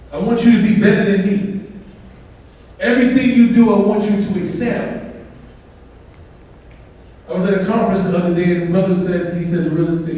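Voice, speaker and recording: A man's voice: high voice, warm tone. Impassioned man in an echoing hall. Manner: impassioned, preachy, leads call-and-response with the crowd. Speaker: conference speaker. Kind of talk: motivational speech and spoken-word poem. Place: large conference hall. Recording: echoey hall, mic far off.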